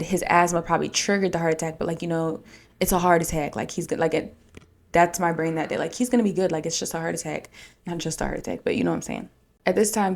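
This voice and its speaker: A young woman podcast host telling a deeply personal story in a rambling, emotional way, full of "like" fillers. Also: creaky, darkish tone.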